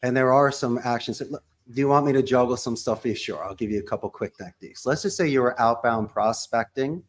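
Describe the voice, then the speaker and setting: A fast-talking man with a mid-range voice guests on a podcast, where he discusses owning a call center. His animated interview talk is emphatic and punchy, full of references to sports and pop culture.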